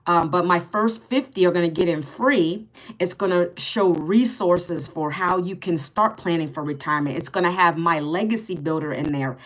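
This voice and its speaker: A woman in her fifties with a lowish voice, talking at a normal speed, chats casually on a live stream. She greets viewers by name and answers their comments, turning bluntly sarcastic with rude ones.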